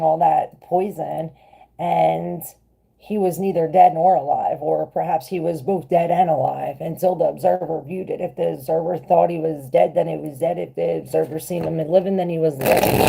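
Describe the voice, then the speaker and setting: Woman, tarot reader, raspy smoker's voice, heavy vocal fry, dark mellow tone, rambling chatty delivery. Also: deep voice. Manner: loose, chatty, rambling with fillers. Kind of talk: casual livestream tarot reading.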